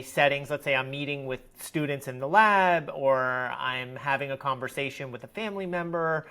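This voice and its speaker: A man's voice: a little high, bright, forceful tone. A man who runs a research lab, speaking as a podcast guest in a reflective, searching way, often restarting his sentences. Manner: thoughtful, searching, many restarts. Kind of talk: reflective conversational interview.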